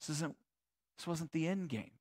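Man as a quiet, patient divine voice, gently correcting. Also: a little high, expressive, normal speed. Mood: gentle correction. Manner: soft, plain and matter-of-fact.

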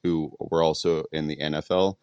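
Man host, very low voice, casual fact recap, dry. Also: level tone, normal speed, darkish tone, clear, resonant tone, no room sound, lo-fi sound. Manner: reads facts with fillers and restarts. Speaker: podcast host.

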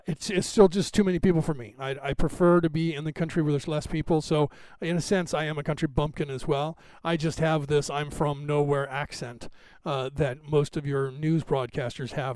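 Middle-aged Californian man, loose, rambling live-stream host, slightly high voice, dry recording. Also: steady tone, moderate pace, a little mellow, no room sound. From Northern California. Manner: chatty, digressive, tags sentences with "right?". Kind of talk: rambling casual chat to live viewers.

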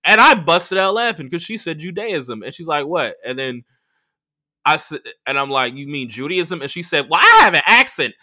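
A young man hosting a podcast, telling a profane, animated story in a casual monologue and acting out the voices of the people in it. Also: fairly high pitch, normal speed. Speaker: podcast host.

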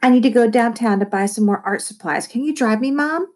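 A woman's voice: a little high, brisk, darkish tone, voice pushed up, natural voice. A woman voicing a bratty girl who snaps back at her brother in a storybook reading. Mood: smug. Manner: snapping, smug. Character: bratty girl, snappy older sister.

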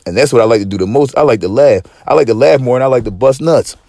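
Over crowd noise, a male podcast host talks fast at a medium pitch. He rants in casual slang with plenty of swearing, rambling and restarting in a preachy, profane street-slang style.

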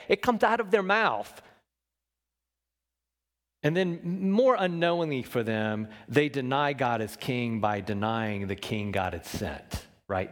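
A man preaching a sermon, shifting between loud emphasis and hushed low lines and asking the congregation questions. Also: animated, takes it slowly, big-room sound. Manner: talks with the congregation, asks them questions. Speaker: pastor.

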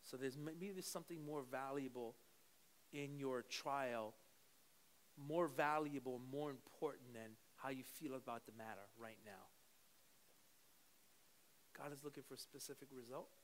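A man preaching a sermon to a church congregation, moving from quiet teaching into fervent prayer. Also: medium pitch, measured pace, long pauses, a little hiss or hum. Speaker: pastor. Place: church service.

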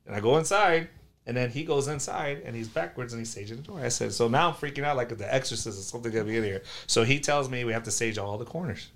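A man from South Florida, a collectibles store owner, telling a story as a podcast guest with lively acted-out quotes. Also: mid-range voice, fast talker. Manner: animated, acts out quoted voices loudly.

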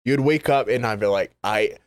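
A man's voice: medium pitch, moderate pace, smooth, no echo. A laid-back young man in a casual chat, full of fillers. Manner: laid-back, filler-heavy, says "like" and "bro" a lot.

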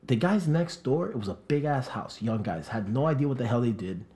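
Profane, animated young man telling a story. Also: medium pitch, brisk. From South Florida. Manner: animated, profane, acts out quoted voices. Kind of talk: casual storytelling chat.

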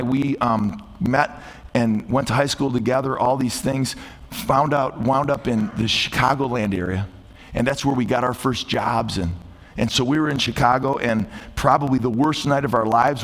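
A middle-aged man preaching a sermon as a guest preacher. He climbs loud and high on his key points, then drops soft and slow on his refrains. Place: church sanctuary. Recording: long hall reverb.

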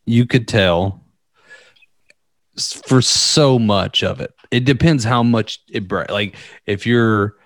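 A man's voice: fairly low pitch, slow pace, no room sound. A young man chatting casually, rambling through a story, often laughing and acting out the quotes. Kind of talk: casual podcast chat.

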